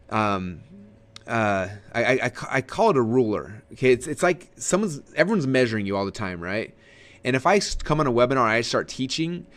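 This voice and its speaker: A man teaching marketing in a casual, energetic way, swinging his voice up and down, with many fillers and repeated words. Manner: energetic, animated, swings pitch up and down. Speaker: webinar trainer.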